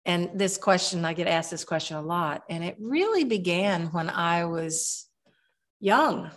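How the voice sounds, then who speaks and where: A woman in her seventies, a guest herbalist, telling long rambling stories in a relaxed interview, with many restarts. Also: lowish voice, a little slow. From Kentucky.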